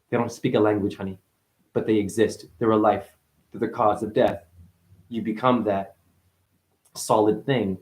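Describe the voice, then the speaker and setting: Rambling man in a roomy echo. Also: on the low side. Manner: stream-of-consciousness wordplay, profane, calls listener honey; jumps from mutters to excited loud outbursts. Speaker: spiritual speaker. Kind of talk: rambling monologue.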